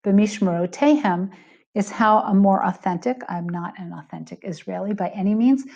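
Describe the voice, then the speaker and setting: A woman's voice: mid-range voice, darkish tone, muffled recording. A woman coaching teachers, explaining a classroom reading activity step by step. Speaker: Hebrew reading teacher trainer. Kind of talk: instructional talk to teachers.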